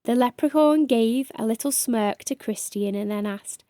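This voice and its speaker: A woman reading a children's book aloud as a storyteller, in a gentle and expressive way. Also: a little high, moderate pace, dry recording, studio quality.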